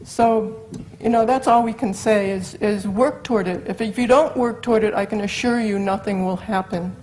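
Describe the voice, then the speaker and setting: A woman co-presents at a question session, speaking earnestly and plainly. Her mid-range voice is a little mellow, with fairly even intonation and a moderate pace, on a low-quality recording with a little hiss or hum.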